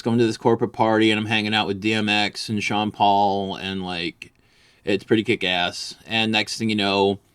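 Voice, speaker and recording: A man's voice: on the low side, a bit bright, clear, resonant tone. A man ranting crudely about an ex, boastful, vulgar and rambling, as a comedy vlogger.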